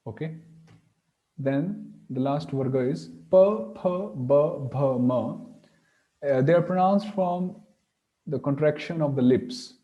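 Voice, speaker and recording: A man's voice: on the high side, slow, muffled recording. A man teaching Sanskrit pronunciation, patiently sounding out each letter aloud. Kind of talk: online class explanation.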